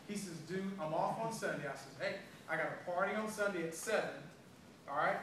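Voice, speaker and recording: High-voiced man giving a sales pep talk. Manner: animated storytelling, acting out dialogue. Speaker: sales trainer. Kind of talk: motivational sales training talk. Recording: echoey room, far from mic, background noise.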